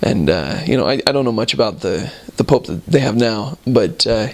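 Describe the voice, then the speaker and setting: A man, a returned missionary, telling casual stories about his mission in a relaxed, rambling way with frequent chuckles. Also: fairly low pitch, moderate pace.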